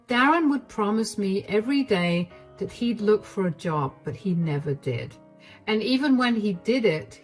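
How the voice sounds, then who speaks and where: A woman reading a first-person story as a narrator, in a measured, even storytelling manner. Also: medium pitch, rough recording.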